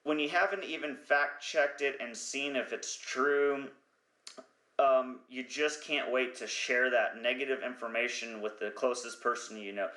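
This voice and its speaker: A man's voice: medium pitch, a little slow, pushed and bright, echoey room. A man hosting a podcast, talking in a rambling, profane comedic monologue who sometimes loses his train of thought. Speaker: podcast host.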